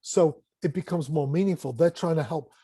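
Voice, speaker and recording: A man telling classroom stories in an animated way, swearing casually and acting out what people said. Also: a little high, moderate pace, husky, no echo. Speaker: guest, music educator. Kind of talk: casual conversation, storytelling.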